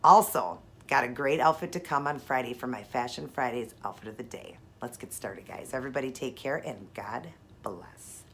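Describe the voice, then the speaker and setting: A woman's voice: extremely low pitch, normal speed, vocal fry, hardly any pauses, fairly bright tone, a little hiss or hum. A woman hosting her own nail art channel, talking through a tutorial in a chatty, upbeat way and explaining each step. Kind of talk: casual tutorial chat.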